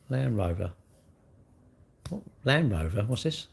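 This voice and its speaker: Reading viewer comments aloud on his live stream, a middle-aged host teases and mocks them bluntly in casual chat. He's very animated yet keeps a measured pace with long pauses, and his lowish voice comes out husky and gravelly.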